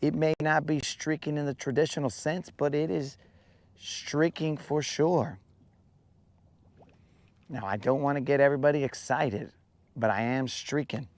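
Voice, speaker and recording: A man's voice: a little high, fairly even intonation, measured pace, long pauses, dry recording. A man hosting a fishing livestream outdoors on a lake, joking in slang and greeting viewers by name. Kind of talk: casual live-stream chat.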